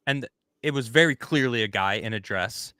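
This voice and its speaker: A man hosting a casual podcast chat, talking in an animated, rambling way and acting out the people he quotes. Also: mid-range voice, moderate pace, no room sound, clean studio sound. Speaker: host.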